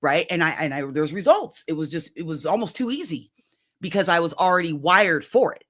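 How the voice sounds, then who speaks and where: A woman in her fifties, a coach, telling her own story in an interview in a lively, conversational way and often checking in with "right?". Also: fairly low pitch, a little fast. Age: 50s. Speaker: executive coach guest.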